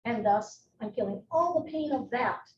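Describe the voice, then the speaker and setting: A middle-aged woman giving a live educational talk as a nurse presenter, chatty and animated, with personal asides. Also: a little high, moderate pace. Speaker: psychiatric nurse practitioner, presenter. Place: presentation room. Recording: echoey room, distant mic, muffled, faint noise.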